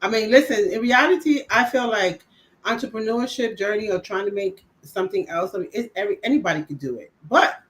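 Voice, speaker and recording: A woman hosts a casual live stream, reading out comments and chatting, quick to chime in with agreement. Her voice sits at a medium pitch. Clear background noise runs under the stream audio. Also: fairly bright tone, poor audio. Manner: conversational, frequent agreeing interjections. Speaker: host reading viewer comments.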